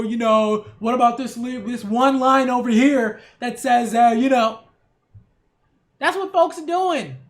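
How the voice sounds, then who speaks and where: A woman with a fairly high, somewhat bright voice rants casually on her own channel, where she works as a culture critic. Her delivery is emphatic and sarcastic, with frequent rhetorical "right?" check-ins.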